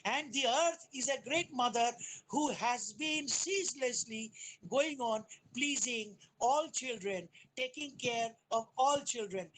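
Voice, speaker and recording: A woman giving an academic webinar lecture on poetry over a video call, explaining in a deliberate way and often restarting her sentences. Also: high voice, fairly bright tone, rough recording. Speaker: guest lecturer.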